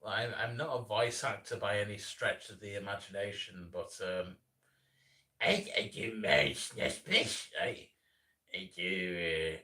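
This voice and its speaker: A man's voice: fairly low pitch, steady tone, a little slow, sharp tone, distant mic. A man in his thirties, an animator chatting casually on a live stream, rambling and self-deprecating, with lots of restarts. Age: 30s.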